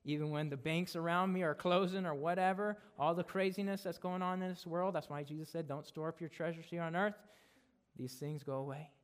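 A man preaching a sermon in a casual, conversational way, shifting into loud, emphatic declarations when he reads scripture. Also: on the high side, fairly even intonation, a little fast, clear, resonant tone. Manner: casual, conversational preaching with frequent "right?" and "guys". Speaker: guest preacher.

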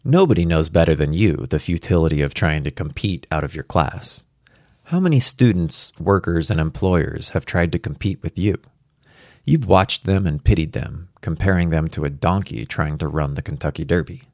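A man reading a first-person story aloud as a worried father, in an earnest, reflective and quietly anxious way. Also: rumbling low, lively intonation, normal speed, no room sound, studio quality.

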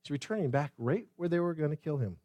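Male pastor mid-sermon: high voice, asks his church pointed questions, dry close sound. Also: fast talker, dry recording. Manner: animated preaching with rhetorical questions and repetition; addresses the congregation directly.

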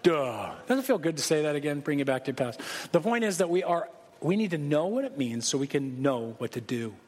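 A man's voice: a little high, animated, fast, darkish tone. A man preaching a sermon as pastor, conversational and joking but emphatic. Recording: long hall reverb.

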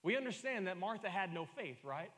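A male pastor delivering a sermon, repeating key lines and building to loud emphatic peaks. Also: high-pitched, very animated, a little fast, long reverb tail.

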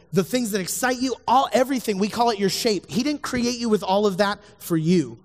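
Earnest preacher in a reverberant hall. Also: male voice, high-pitched. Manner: earnest, talks straight to listeners, repeats key lines. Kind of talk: sermon.

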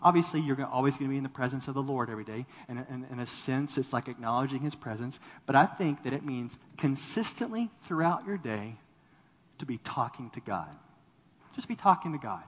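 A male pastor preaching a sermon, rising to loud bursts and dropping low, often repeating words as he starts a thought. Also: a little fast, long reverb tail. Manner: animated preaching, voice swelling then dropping low.

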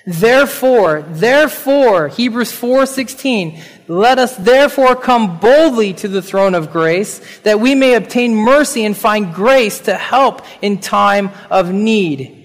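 Earnest high-voiced male pastor in a hall. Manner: earnest, slows down on key verses. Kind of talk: sermon with scripture reading.

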